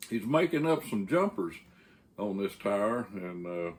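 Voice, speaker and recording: A Texan man tells a yarn in an unhurried drawl, pitched a little low. He rambles along, stopping often on a drawn-out "uh" before he picks the thread back up. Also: sing-song, a little mellow. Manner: rambling, frequent "uh" pauses. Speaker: channel host and storyteller. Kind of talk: casual storytelling.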